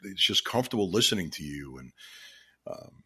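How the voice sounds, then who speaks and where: A middle-aged man talks through a personal story on his solo podcast. His voice is very deep and husky. He speaks earnestly and from the heart, often restarting his sentences. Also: lively intonation, moderate pace, bright, forceful tone. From Florida. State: choked up with emotion. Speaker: podcast host. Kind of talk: reflective solo podcast monologue.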